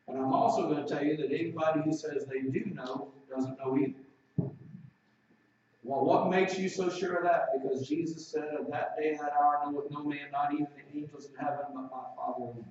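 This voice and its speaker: A man preaching a sermon, reading scripture slowly and with emphasis between plain explanations. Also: a little high, fairly even intonation, darkish tone, slight background noise. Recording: roomy echo, distant mic, dull lo-fi sound.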